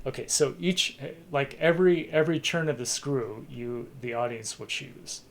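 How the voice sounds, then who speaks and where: This streamer's mid-range voice carries vocal fry and moves at a normal speed. Hosting a talk segment, he chats in a loose, slightly tired way, rambling, chuckling, and often breaking off to restart a sentence.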